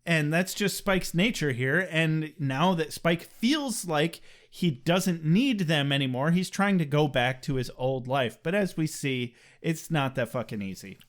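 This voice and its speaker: A man's voice: fairly high pitch, lively intonation, unhurried, few pauses. A man co-hosting a podcast, chatting casually and joking, with casual swearing. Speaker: podcast co-host. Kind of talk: casual chat.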